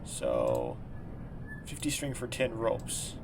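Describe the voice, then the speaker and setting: A man casually commenting as he plays a game, in a quiet, rambling, low-key way. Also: moderate pace, pauses often, slight background noise. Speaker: gameplay commentator.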